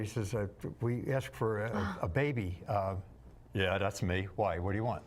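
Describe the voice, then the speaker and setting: A low-pitched man tells jokey stories as a talk-show guest, dropping into other voices for the people in them. He wisecracks between his tips and keeps the tone light. A faint hiss sits under the recording. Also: moderate pace. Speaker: bodybuilder and entertainer guest. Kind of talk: joking talk-show storytelling.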